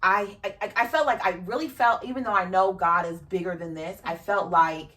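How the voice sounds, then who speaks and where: A woman with a mid-range, sharp-toned voice hosts a podcast, speaking a little fast as she shares a personal story frankly and emotionally, swearing casually. She's recorded from a distance.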